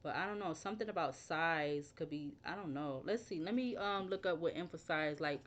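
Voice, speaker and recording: A young woman with a low, unhurried voice talks through a tarot reading in a loose, conversational way. She drifts into side stories and spells words out letter by letter as she thinks aloud. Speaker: tarot reader.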